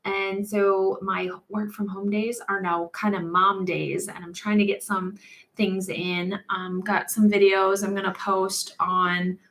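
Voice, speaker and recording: A woman hosting a relaxed live stream as a mortician, her voice sitting at an everyday middle pitch. She chats in a loose, rambling way, full of small pauses and restarts, and often breaks into light laughter between thoughts. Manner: rambling with frequent ums and restarts. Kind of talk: casual live-stream chat.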